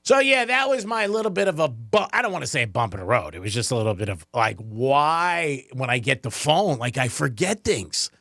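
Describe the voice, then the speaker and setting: This middle-aged man talks fast and rambles, with a lively voice that swings up and down and breaks into laughter often. His slightly high voice is recorded dry and close on a studio mic. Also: gravelly, no echo. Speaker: radio show host. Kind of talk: casual radio banter.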